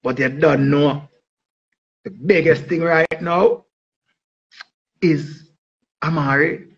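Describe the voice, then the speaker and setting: A man with a Jamaican accent, chatting in an animated, hyped-up way and mixing patois into his English. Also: fairly high pitch, slow pace, breathy edge, highs cut off. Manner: animated, mixes patois with English, bursts into singing. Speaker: vlogger. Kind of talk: casual hype monologue.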